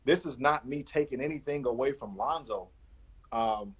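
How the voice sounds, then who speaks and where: A man in his forties with a husky, slightly breathy voice talks basketball in a casual interview. He often repeats words as he builds his point, with an animated, storyteller's flow. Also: medium pitch, normal speed, rough recording. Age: 40s. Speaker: basketball scout and analyst.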